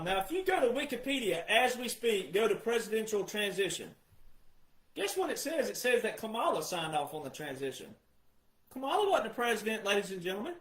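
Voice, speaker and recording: A man with a notably high voice delivers an impassioned commentary to his audience. He hammers points through repetition and often climbs into shouting. The sound carries a noticeable room echo. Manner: emphatic, repetitive, rising to shouts. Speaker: political commentator. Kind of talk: impassioned monologue.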